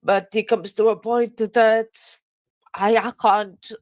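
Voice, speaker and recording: A woman hosting a livestream, crying as she talks, halting with many fillers and restarts. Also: fairly high pitch, flat delivery, darkish tone, dry recording. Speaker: livestream host. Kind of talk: emotional livestream farewell.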